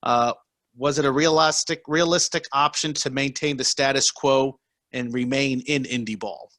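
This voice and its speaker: A man hosting a podcast, relaxed and a little hesitant as he reads a listener question. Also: medium pitch, normal speed, no echo, clean studio sound. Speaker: podcast host. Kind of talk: casual podcast chat.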